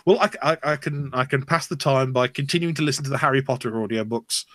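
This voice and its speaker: A man's voice: medium pitch, fast talker, fairly bright tone, dry recording. A man hosting a podcast, chatting casually and thinking aloud as he talks. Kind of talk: casual chat.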